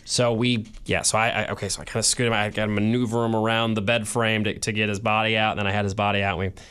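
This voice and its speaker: A man co-hosting a casual podcast, telling an emotional story with many restarts and pauses, teary at times. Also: fairly low pitch, flat delivery, fairly bright tone, smooth. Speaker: podcast co-host. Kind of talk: casual chat.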